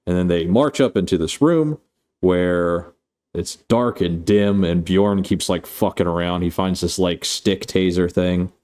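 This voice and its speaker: A man's voice: deep voice, unhurried, darkish tone. A man on a live stream, chatting casually and swearing as he recaps a film. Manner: rambling, profane, playful.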